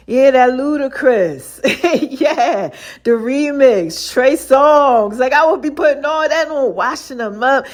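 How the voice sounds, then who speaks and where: A podcast host with a high, animated voice speaks slowly in a casual solo episode. She tells stories in loose slang, laughing frequently and performing different voices.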